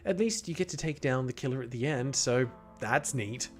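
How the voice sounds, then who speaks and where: A man's voice: medium pitch, normal speed, faint music behind. A man casually commenting on a horror game he is streaming, playful and chatty with his viewers. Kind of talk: gaming livestream commentary.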